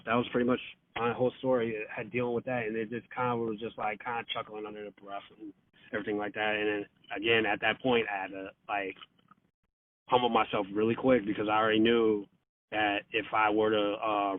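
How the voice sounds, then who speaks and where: Speaking fairly quickly in a low, flat voice, a podcast guest shares a casual story over the phone, cursing freely, filling pauses, and acting out the quotes. The line is tinny and dry, with no echo.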